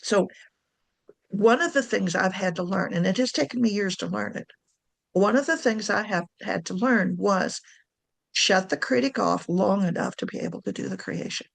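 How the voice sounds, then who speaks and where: A woman's voice: mid-range voice, moderate pace, vocal fry. A woman giving a casual talk on writing to camera, chatty, correcting herself and laughing often. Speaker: writing coach.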